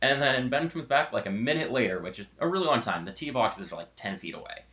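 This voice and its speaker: A man's voice: medium pitch, expressive, fast talker, bright, forceful tone, muffled recording. A young man hosting his own channel, telling a funny college story in a casual, rambling way and correcting himself as he goes. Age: young adult. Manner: chatty and rambling, with self-correcting asides.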